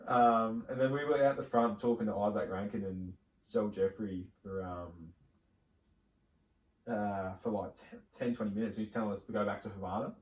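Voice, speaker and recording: A man's voice: fairly low pitch, moderate pace, pauses often, a little mellow. A young Australian man co-hosting a podcast, telling long rambling stories in casual chat, full of fillers and restarts. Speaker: podcast co-host. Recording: roomy, distant mic.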